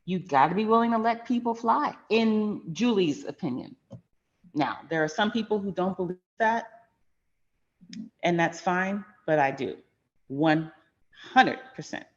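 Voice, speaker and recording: A woman's voice: medium pitch, expressive, measured pace, pauses often, dull audio. A middle-aged woman hosting a finance channel, telling a personal story in a frank, emphatic, conversational way.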